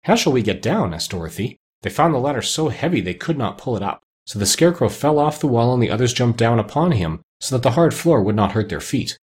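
Brief: husky male narrator for a classic storybook, melodic and expressive. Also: mid-range voice, brisk, few pauses. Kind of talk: storybook reading aloud.

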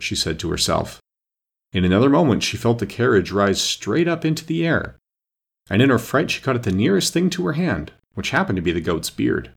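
A man narrating a children's storybook aloud with an expressive, lively delivery. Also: medium pitch, brisk, creaky, husky. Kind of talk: storybook reading.

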